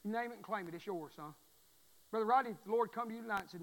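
A man preaching a fervent sermon in a church, repeating his phrases and swelling into loud pleas. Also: high voice, racing, long reverb tail, rough recording. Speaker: pastor.

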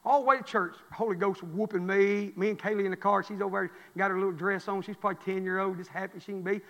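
High-voiced preacher in a hall. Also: male voice, fairly even intonation, fast, highs cut off. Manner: fervent preaching with rising shouts and soft storytelling. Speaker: pastor. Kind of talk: sermon. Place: church.

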